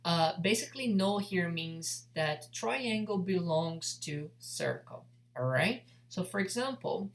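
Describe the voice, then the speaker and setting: A woman teaching a casual beginner language lesson, repeating example sentences slowly with fillers between. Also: lowish voice, expressive.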